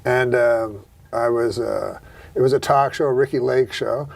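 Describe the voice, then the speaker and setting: Gravelly deadpan male host. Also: mid-range voice, a little slow. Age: middle-aged. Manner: deadpan, rambling, profane storytelling. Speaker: talk show host. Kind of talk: casual chat and anecdotes.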